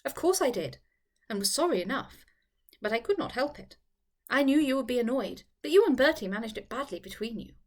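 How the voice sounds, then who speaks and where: A lively young lady, as a woman reader puts her on, brisk and coaxing in a fairly high voice. She sounds worldly and teasing, as in an audiobook of a classic novel. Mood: concerned. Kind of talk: audiobook reading.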